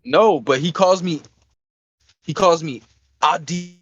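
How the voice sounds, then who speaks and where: A man's voice: fairly high pitch, animated, measured pace, breathy edge, dull audio. A young man co-hosting a casual podcast, telling a rambling, profane story. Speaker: podcast co-host.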